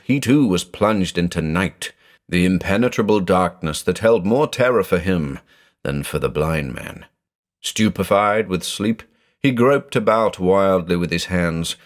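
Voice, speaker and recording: A man reading a horror story aloud in a dramatic, measured narration. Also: deep voice.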